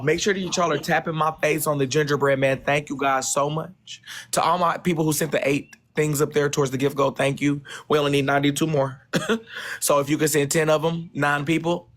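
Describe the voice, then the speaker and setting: A man's voice: fairly high pitch, a bit bright. A man hosting a livestream panel, easygoing, thanking viewers and reading out comments. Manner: easygoing, coaxing, reads out comments.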